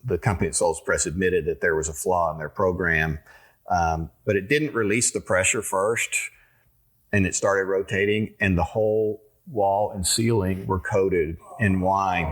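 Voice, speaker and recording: A man's voice: low-pitched, a bit bright. A man, a winery owner telling a rambling story in a casual interview, full of fillers and restarts.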